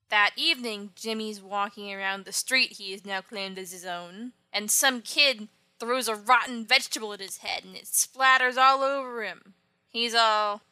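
A woman's voice: medium pitch, moderate pace, bright, forceful tone, no room sound. A woman casually retelling an old comic book story, with wry offhand asides. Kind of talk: casual comic recap narration.

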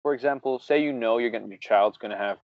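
A man chatting casually, full of fillers and quick laughs. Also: medium pitch, dry recording. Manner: filler-heavy, laughs often. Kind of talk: casual chat. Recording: dry, dull lo-fi audio.

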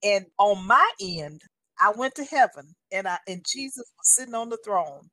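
A woman's voice: mid-range voice, expressive, normal speed, sharp tone, no echo. A woman in her sixties telling a personal faith testimony in an earnest, storytelling way, often passing on what others told her. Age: 60s. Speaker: guest sharing a testimony.

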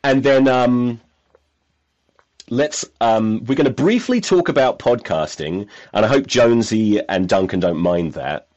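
A man's voice: mid-range voice, lively intonation, unhurried, a little mellow, muffled recording. A man hosting a podcast, telling rambling, self-mocking stories in casual chat and swearing freely. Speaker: podcast host.

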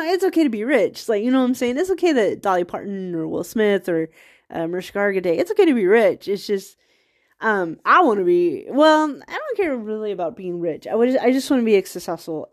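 A woman's voice: mid-range voice, big pitch swings, a little fast. A woman hosting a podcast, talking in a rambling casual monologue with laughing asides, a bit stuffy from a cold. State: has a cold, occasional coughs. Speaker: podcast host.

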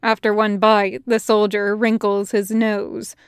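Woman, audiobook narrator, slow even pace, dry close mic. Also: mid-range voice, clean tone, no echo. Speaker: podfic reader. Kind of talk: read-aloud fiction narration.

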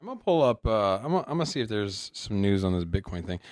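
Lively man, halting podcast banter. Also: on the low side, no room sound, studio quality. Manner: animated, halting, many restarts. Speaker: podcast co-host. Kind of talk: casual podcast chat.

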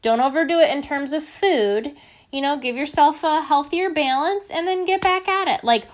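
Chatty, encouraging young woman. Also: on the high side. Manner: chatty, candid, encouraging, many fillers. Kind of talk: casual motivational talk.

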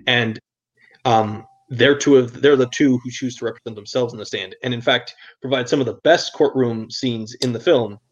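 A man's voice: medium pitch, moderate pace. An enthusiastic man in a casual podcast film chat, speaking in a mid-range voice. His talk is emphatic and full of repeated praise. The recording sounds dull and slightly lo-fi. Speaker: podcast co-host or guest.

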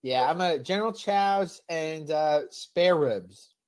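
A young man hosting a podcast, joking in casual banter and reading ads. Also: a little high. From Irish heritage. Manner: joking, quick banter with ad reads. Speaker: podcast host.

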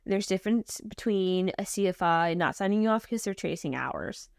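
A woman's voice: mid-range voice, lively intonation, normal speed, creaky, clean tone, dry recording. Chatty woman, dry close mic. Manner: candid, chatty, self-deprecating humor. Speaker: podcast co-host, flight instructor. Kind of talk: casual chat.

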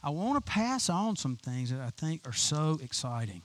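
A man's voice: a little high, very animated, normal speed, a bit bright. A man preaching an informal, chatty sermon to his congregation as their pastor, enthusiastic and full of restarts. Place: church sanctuary.

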